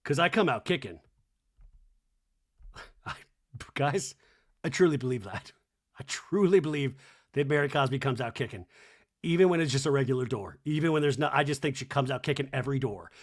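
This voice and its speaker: A man's voice: mid-range voice, fairly quick. A man with a stuffy nose hosting a podcast, sarcastically recapping a reality show with lots of swearing. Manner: animated, sarcastic, swears freely. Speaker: podcast host.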